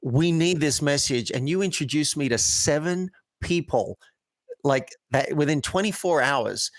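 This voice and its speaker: A man's voice: fairly high pitch, animated, unhurried, no room sound. Earnest storytelling man, dry sound. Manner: earnest, storytelling, acts out example phrasings. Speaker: coach and guest. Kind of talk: conversational interview.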